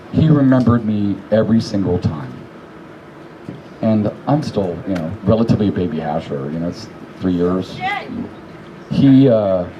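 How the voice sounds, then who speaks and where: A man giving a casual memorial tribute, telling a story in an animated, profane way and shouting the quotes. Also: lowish voice, highs cut off, background noise.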